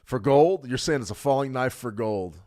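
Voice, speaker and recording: A middle-aged man hosting a live trading stream, talking fast and joking with viewers while he reads the chat. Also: mid-range voice, expressive, darkish tone. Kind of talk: live market analysis, reading chat.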